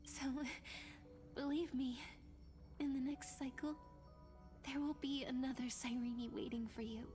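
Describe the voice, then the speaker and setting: Brief: a tender game heroine, high, breathy whisper, very slow, earnest. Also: female voice, steady tone, dark tone, soft background music. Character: gentle young woman bidding a tender farewell. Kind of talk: game character dialogue.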